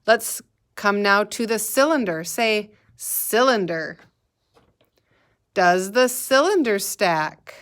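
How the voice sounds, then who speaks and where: A female kindergarten teacher talks through a recorded math lesson at a gentle, unhurried pace. She prompts the children to say words back to her in a patient, encouraging way. Her voice sits at an ordinary middle pitch. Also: expressive. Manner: slow, patient, sing-song prompting for children to repeat.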